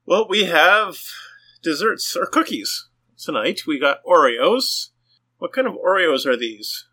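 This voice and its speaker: A middle-aged man co-hosting a casual podcast, with a sharp, bright tone and a fairly high voice. He plays along and laughs with his co-host. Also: sing-song, slow pace, breathy edge. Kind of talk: casual chat.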